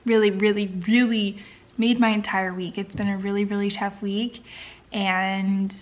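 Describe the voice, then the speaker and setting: A woman talking casually in a personal vlog at home at bedtime, gushing with excitement and gratitude, sometimes dropping into soft near-whispers. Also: medium pitch, a little slow, lo-fi sound. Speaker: vlogger.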